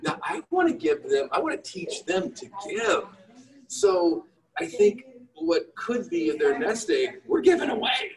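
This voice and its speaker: A man's voice: high-pitched, measured pace, recorded from a distance, crowd noise, rough recording. A middle-aged man, an entrepreneur and father, telling candid, self-deprecating stories and quoting himself. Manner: animated, self-deprecating, quotes himself in raised voices. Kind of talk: candid storytelling in a conversation.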